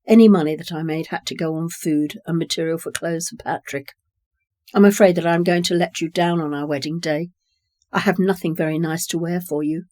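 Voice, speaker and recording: A gentle, proud widowed mother, as a story reader gives her lines, earnest and a little apologetic. The voice is warm and mellow, recorded close in a dry space. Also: deep voice, steady tone, a little fast, no room sound, natural voice. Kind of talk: reading dialogue in a short story.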